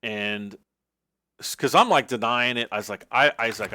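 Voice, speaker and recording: A man's voice: medium pitch, moderate pace, pushed and bright, slight background noise. A man on a livestream telling a long personal story in a casual, rambling way, full of restarts and "like".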